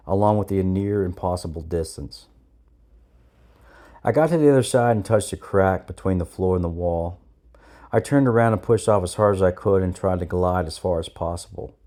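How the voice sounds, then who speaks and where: A man reading his own memoir aloud with steady, plain storytelling. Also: low-pitched. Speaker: narrator of his own military training memoir. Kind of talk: read memoir narration.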